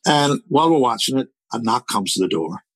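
A man in his sixties from Belfast, Northern Ireland, speaks with a Northern Irish accent as an interviewee, spinning a long personal story that rambles and repeats words. His mid-range voice is expressive and a little fast. The recording is low-quality, with no room sound.

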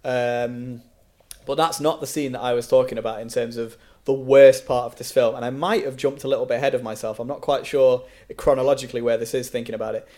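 A man's voice: medium pitch, steady tone, a little fast, warm tone. A man co-hosting a casual film review chat, opinionated and keen on history, often repeating words as he restarts. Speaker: podcast co-host reviewing a film.

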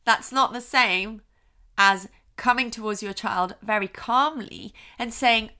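Bright, expressive woman podcast host. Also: on the high side, slow pace. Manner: expressive, acts out soothing and frustrated voices as examples. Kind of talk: podcast advice talk.

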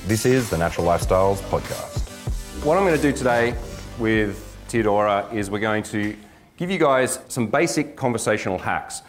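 A middle-aged man, a dating coach, giving a lively workshop lecture with jokes and acted-out examples. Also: on the low side. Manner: energetic, joking, acts out examples.

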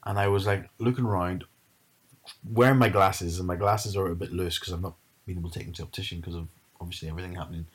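A man's voice: low-pitched, quick pace, breathy edge. A man, chatting casually and animatedly retelling a story. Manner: animated storyteller, mimics his mum.

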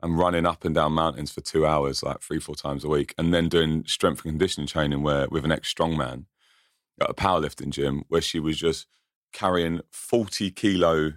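A man in his thirties from England, a musician telling stories in a casual, animated chat, acting out the dialogue as he goes. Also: a bass voice, no room sound, studio quality. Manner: rapid, animated anecdote telling with quoted dialogue. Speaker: musician guest.

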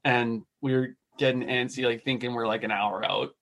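Young man with a gravelly, creaky voice. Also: medium pitch, normal speed. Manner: chatty, animated anecdotes with filler words. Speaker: hockey player, co-host. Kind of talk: casual group chat.

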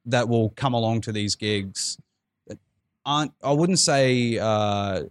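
A man's voice: medium pitch, takes it slowly, no echo. A man hosting a podcast, telling stories in a casual, rambling way and swearing freely. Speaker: podcast host. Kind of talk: casual chat.

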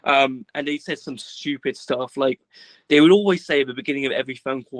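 A man's voice: medium pitch, fairly quick, dry recording, rough recording. A young man from Britain telling a story as a guest in casual chat, rambling and laid-back, filling it with "like" and acted-out dialogue.

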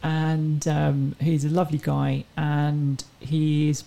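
Woman in her 30s, guest on a chat show, earnest and chatty, lots of gravel and fry in her voice. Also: low voice, flat delivery, slow, dark tone, poor audio. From England. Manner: earnest, reflective storytelling. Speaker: guest racing driver. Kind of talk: casual interview chat.

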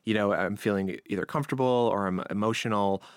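A man from Long Island with a faint accent, talking casually as a podcast guest, relaxed and chatty with frequent restarts. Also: on the low side, fast talker, smooth, no room sound, clean studio sound. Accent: light Long Island. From New York, Long Island. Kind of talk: conversational interview.

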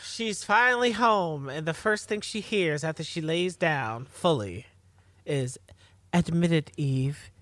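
A woman co-hosting a podcast, calmly narrating a show's scenes and chiming in with agreement. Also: deep voice, unhurried, dry recording. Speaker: podcast co-host. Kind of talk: casual recap chat.

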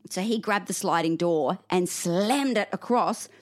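A woman's voice: on the low side, measured pace. A woman co-hosting a podcast in casual chat, telling stories animatedly, acting out quotes and swearing freely. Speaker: podcast co-host.

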